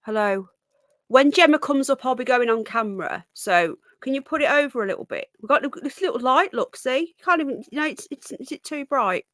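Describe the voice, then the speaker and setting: A woman's voice: high voice, animated, a little fast, a bit bright, no echo. A woman hosting a live stream, chatting and rambling as she greets viewers and often breaks off mid-sentence. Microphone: close desk microphone.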